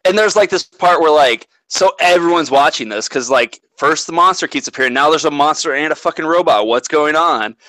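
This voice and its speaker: A man's voice: fairly high pitch, fairly quick, hardly any pauses, pushed and bright, dry recording, poor audio. A man in casual chat, animatedly retelling a movie plot and swearing freely.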